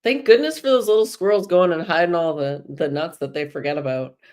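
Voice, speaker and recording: A low-voiced woman hosts a live spiritual talk for her viewers. She chats casually, drifts between stories and encouragement, and laughs easily as she goes. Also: fairly quick. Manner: warm, chatty, laughs often. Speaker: host of a live spiritual energy show.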